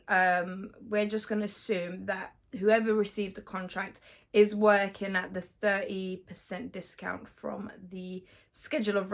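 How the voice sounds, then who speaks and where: A woman, an electrician, slightly hoarse, explaining her trade in a casual vlog with many fillers, step by step. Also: medium pitch.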